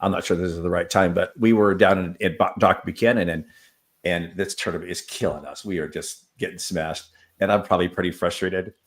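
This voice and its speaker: A man's voice: sits low, steady tone, a little fast. A man who is an assistant wrestling coach, talking casually in an interview and telling stories full of fillers and acted-out quotes. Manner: storytelling, acts out quoted exchanges, many fillers.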